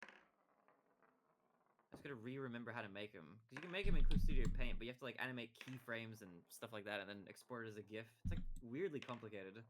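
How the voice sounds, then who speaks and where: A man's voice: mid-range voice, brisk, background noise. A man streaming a video game, chatting casually and joking in a nasal voice with lots of fillers. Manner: joking, rambling, many fillers.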